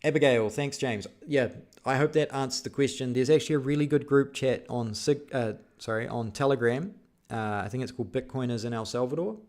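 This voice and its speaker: A man's voice: medium pitch, fairly quick, a little mellow. A man hosting a live stream, reading out viewer questions and answering them in a casual, rambling way with many fillers. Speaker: vlog host answering live chat.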